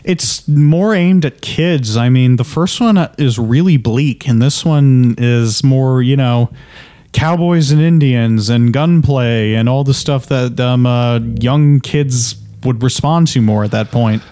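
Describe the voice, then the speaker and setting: A man's voice: medium pitch, takes it slowly, warm tone. A man co-hosting a casual movie podcast, making dry, critical quips. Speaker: podcast co-host. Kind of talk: casual movie-review chat.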